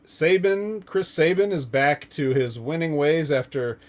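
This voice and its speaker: A man's voice: a little high, expressive, unhurried. Joking, profane podcast host, a man. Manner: loose, joking, profane, laughs often. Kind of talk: casual wrestling recap chat.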